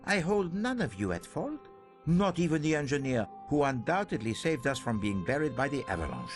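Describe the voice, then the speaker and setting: An actor playing a fussy, dignified older male detective in a mystery game, speaking in a formal, precise, gently wry manner. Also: mid-range voice, big pitch swings, normal speed, natural voice. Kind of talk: game voice acting. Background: game music.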